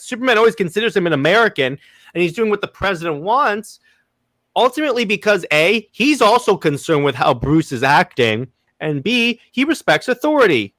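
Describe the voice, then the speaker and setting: A man hosts a relaxed comics chat, talking in animated bursts and backing up to rephrase himself. His voice sits fairly high. The recording is dry and close. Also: fairly quick, no echo. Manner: animated, restarts phrases often. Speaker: podcast host. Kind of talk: casual chat.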